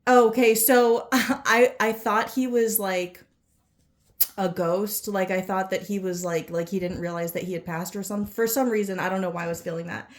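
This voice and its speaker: A woman giving a casual psychic reading, rambling and unsure, full of fillers and self-corrections. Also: medium pitch. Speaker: psychic reader. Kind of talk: casual spoken channelling reading.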